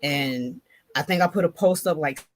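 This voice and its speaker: A woman's voice: sits low, normal speed. A woman joining a talk show over a video call, speaking earnestly and reflectively about faith. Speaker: guest. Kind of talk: casual chat.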